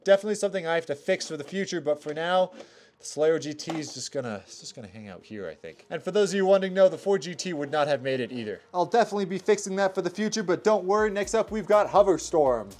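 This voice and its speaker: A young man hosting his channel, giving energetic play-by-play commentary on toy car races. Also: a little high, fast talker, slight background noise. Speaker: toy car race host. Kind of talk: race commentary vlog.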